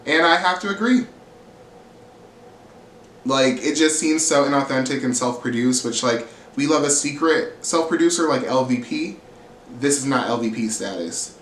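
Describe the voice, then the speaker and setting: Expressive and fairly bright, a medium-pitched male voice moves at normal speed through a casual reality TV episode recap. He's blunt, sassy and freely profane, acting out quotes, in a room with echo and faint ambient hiss.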